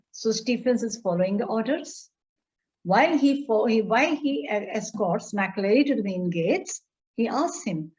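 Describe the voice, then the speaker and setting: A woman's voice: a little high, a little mellow. A woman teacher with an Indian English accent, reading a story aloud in an online class, then explaining it line by line and asking students questions. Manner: reads a passage, then paraphrases it slowly and quizzes students. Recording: dull, lo-fi audio.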